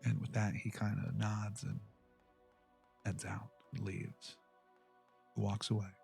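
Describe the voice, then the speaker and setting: A man narrating a tabletop game as game master, relaxed and descriptive. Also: lowish voice, takes it slowly, creaky, soft background music.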